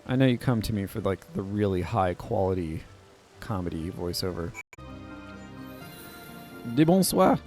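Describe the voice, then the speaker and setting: A man's voice: deep voice, moderate pace, a little mellow, soft background music. A man hosting a podcast, making casual self-mocking asides while reading a game aloud. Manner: self-deprecating, laughing, chatty asides. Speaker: podcast host.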